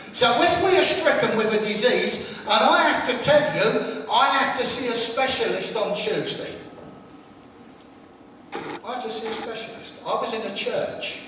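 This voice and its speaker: An older man preaches in a high, light voice, chatting and joking with his listeners between stories. His voice rings through a reverberant church hall from a distant mic, with steady background noise. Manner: chatty, jokes with the congregation. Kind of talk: sermon with anecdotes. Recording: echoey hall from far off, noisy.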